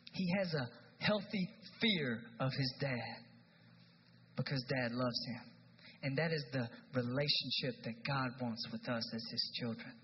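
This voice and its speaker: A youth pastor in his thirties preaching a conversational sermon in a church, moving between hushed and loud. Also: medium pitch. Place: church sanctuary. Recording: dull sound with long hall reverb, faint noise.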